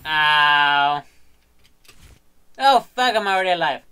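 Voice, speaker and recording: Young man, gaming commentary, bright voice, lively pitch, slow delivery, sudden yells then quiet mutters. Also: slight background noise. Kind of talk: let's play commentary.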